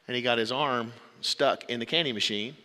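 A man's voice: medium pitch, normal speed, big-room sound. A man preaching a sermon, earnest, telling stories to make his point. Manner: earnest, storytelling, shouts out quoted voices.

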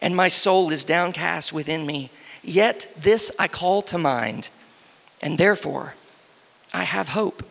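A man preaching a sermon, reading scripture slowly and then explaining it with rising emphasis and frequent restarts. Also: fairly high pitch, creaky, fairly bright tone. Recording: long hall reverb.

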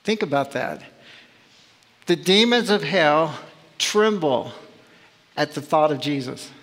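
A man's voice: on the high side, animated, takes it slowly, a bit bright. A man preaching a sermon as pastor, emphatic and full of rhetorical questions. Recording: long reverb of a large hall.

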